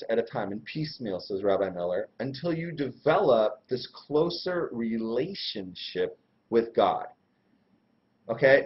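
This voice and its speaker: A man giving a casual religious lesson in a slangy, irreverent, animated way, full of everyday examples. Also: a little high. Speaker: Torah teacher and host. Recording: dull lo-fi recording.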